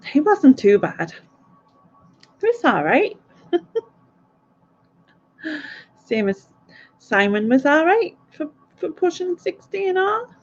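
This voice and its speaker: A woman's voice: sits high, very animated, slow pace, pauses often. Lady hosting a quiz stream, rambly and giggly, kinda dull lo-fi sound. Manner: chatty, rambling, laughs a lot. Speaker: quiz host. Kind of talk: casual live stream chat.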